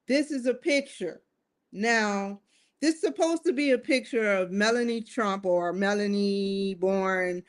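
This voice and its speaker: Woman vlogger, slow deliberate delivery, casual and reflective, addresses the audience directly. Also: medium pitch. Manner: musing, addresses viewers directly with rhetorical questions. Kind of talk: casual talking-to-camera monologue.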